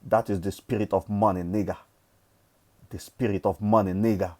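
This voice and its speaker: Nigerian male vlogger, fairly low warm voice, emphatic motivational preaching, casual swearing. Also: steady tone, moderate pace. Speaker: forex trading vlogger. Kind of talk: motivational monologue.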